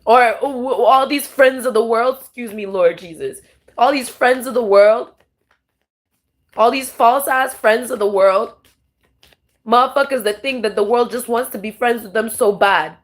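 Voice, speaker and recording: A woman vents straight to camera in a raw, emotional monologue, her voice a little higher than most. She rambles, swears freely and trips over restarts as she talks. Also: moderate pace. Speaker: tarot vlogger.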